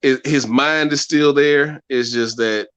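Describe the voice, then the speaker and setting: A man co-hosting a casual sports talk show in a relaxed way, often repeating and restarting his phrases. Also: mid-range voice, slow, clean tone, no echo, lo-fi sound. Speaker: podcast co-host.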